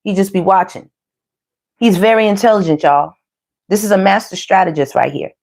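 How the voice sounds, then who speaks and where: Woman tarot reader, chatty and slangy, middle pitch, talks straight to viewers. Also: normal speed. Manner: chatty, animated, slangy, addresses viewers as y'all. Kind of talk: casual tarot reading monologue.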